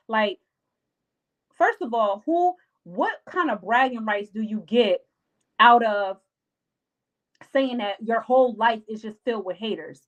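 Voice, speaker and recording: A young woman talks straight to her live viewers, handing out life advice in a casual, emphatic way. She leans on slang and repeats her points for weight, and her voice sits a little on the high side. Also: a little slow, low-quality recording. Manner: emphatic, repetitive, slangy, acts out friends' lines. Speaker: live-stream host giving life advice.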